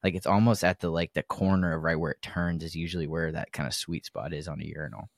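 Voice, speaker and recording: A man's voice: low voice, fairly even intonation, fast, vocal fry, dry recording, clean studio sound. A man hosting a podcast, chatting in a loose, crude, joking way with lots of fillers. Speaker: podcast host. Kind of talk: casual podcast chat.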